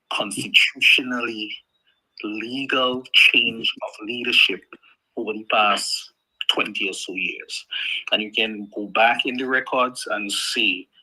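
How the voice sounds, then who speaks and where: A man from Grenada calling a talk show, measured and formal. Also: medium pitch, bright, forceful tone, husky, poor audio. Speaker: caller. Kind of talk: phone-in call.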